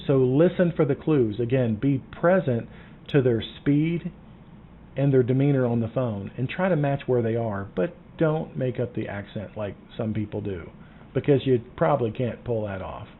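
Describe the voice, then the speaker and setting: A Southern U.S. man coaches insurance agents on phone sales in a casual teaching monologue, animated and at a moderate pace. He speaks emphatically, dropping to a low hush for key points. The recording sounds tinny and phone-like, with faint noise.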